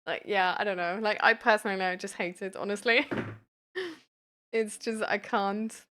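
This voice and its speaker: A woman's voice: mid-range voice, measured pace, bright, forceful tone. A young woman from Germany with a light German accent, chatting casually with her live-stream audience and laughing often. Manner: giggly, chatty, reacts to chat.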